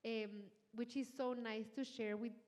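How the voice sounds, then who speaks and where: A middle-aged woman with a Mexican Spanish accent talks eagerly on stage, repeating words and restarting her sentences as her ideas tumble out. Her voice sits fairly high. A long hall reverb trails behind each phrase. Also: steady tone, measured pace, a little mellow. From Mexico City. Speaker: chef and TV host as guest. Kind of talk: onstage conversation. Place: large hall with an audience.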